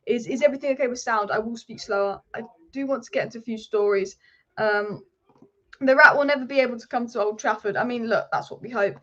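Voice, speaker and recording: A fired-up woman hosts a live football stream from home, ranting quickly and with passion. Her voice sits a little high. The sound is dull and lo-fi. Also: sharp tone. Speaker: football channel host.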